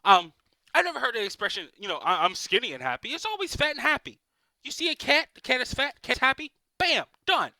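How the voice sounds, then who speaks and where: A man's voice: extremely high pitch, sing-song, brisk, creaky, pushed and bright, no room sound. A man doing a profane stand-up comedy rant, full of exasperated rhetorical questions. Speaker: amateur stand-up comic.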